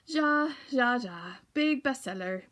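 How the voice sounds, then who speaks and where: A woman's voice: a little high, lively intonation, slow, a bit bright, pitched above the performer's own voice. A woman voicing a holographic medieval German printer, a man, with a put-on German accent and broken English. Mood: jovial.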